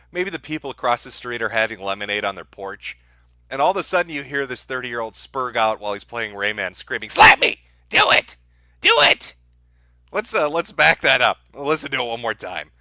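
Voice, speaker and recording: A man's voice: medium pitch, expressive, a little fast, sharp tone, no room sound. A man streaming, mocking the clips he plays with sarcastic commentary.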